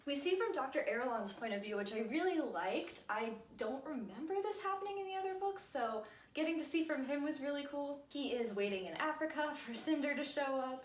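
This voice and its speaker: A woman's voice: sits high, recorded from a distance. A woman chatting casually about a book she loves, bubbly and gushing, with lots of fillers, in a room at home. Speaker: book reviewer. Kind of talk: casual book review chat. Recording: echoey room, mic set back.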